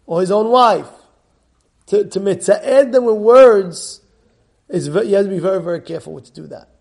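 A man teaching a Torah class, animated, repeating and restarting words and mixing in Hebrew terms. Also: sits high, moderate pace, creaky.

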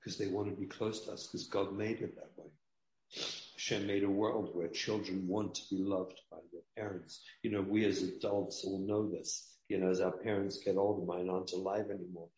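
Male rabbi guest, low voice, earnest preaching tone, echoey lo-fi recording. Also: darkish tone. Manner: earnest, preaching, repeats key lines. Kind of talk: emotional interview talk. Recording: dull roomy sound.

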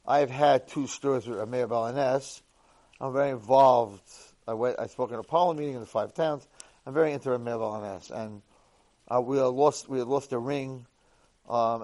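Animated man telling a story. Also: mid-range voice. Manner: animated, acts out dialogue, swings between hushed and loud. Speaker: Torah lecturer. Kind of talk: lively first-person storytelling lecture.

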